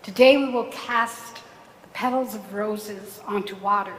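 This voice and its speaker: A woman minister calmly guiding a ritual, in a gentle reading voice. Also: on the high side. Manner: calm, gentle guidance. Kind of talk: liturgical reading. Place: large church sanctuary. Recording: roomy hall with faint room noise.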